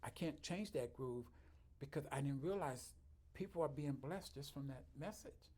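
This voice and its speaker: A man's voice: fairly high pitch, moderate pace, darkish tone. A man, a chiropractor, talking earnestly in an interview, telling heartfelt stories and quoting the people he has met. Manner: earnest, heartfelt, often quoting others, laughing at his own stories. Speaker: chiropractor, guest. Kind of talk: conversational interview storytelling.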